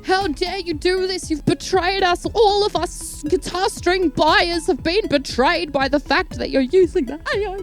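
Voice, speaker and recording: A woman's voice: very high voice, a little slow, few pauses, voice pushed up. A woman mocking indignant guitar fans with an overdramatic, wounded tone. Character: melodramatic offended guitar fans.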